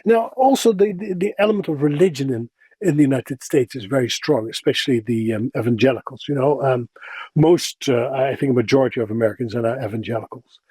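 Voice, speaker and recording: A middle-aged man from the Netherlands, speaking as an interview guest in an opinionated, animated way. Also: mid-range voice, fairly quick, husky, dry recording. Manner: opinionated, animated, mimics others for emphasis. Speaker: guest, voice actor. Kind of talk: casual interview talk.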